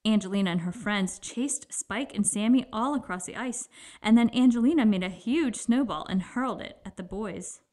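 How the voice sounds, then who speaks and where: A woman reads a children's picture book aloud, shaping the story expressively with lively lifts in her voice. Her pitch sits in a middle range for a woman. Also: normal speed. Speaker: storybook narrator.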